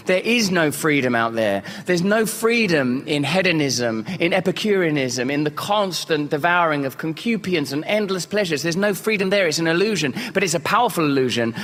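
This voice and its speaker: A man's voice: fairly high pitch, fairly bright tone, in a large hall. A man giving a fervent, preacherly testimony in ornate language. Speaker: guest. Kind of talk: earnest spiritual testimony.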